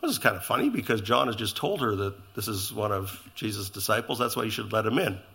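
A man's voice: fairly low pitch, expressive, a little fast, vocal fry, bright, forceful tone. A middle-aged man preaching a sermon in a conversational style, with asides to his congregation. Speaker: pastor.

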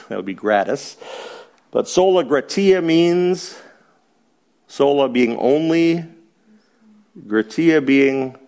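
A man's voice: on the low side, vocal fry, darkish tone. A man teaching a Bible study to a small group in a church, chuckling often and asking rhetorical questions and then answering them.

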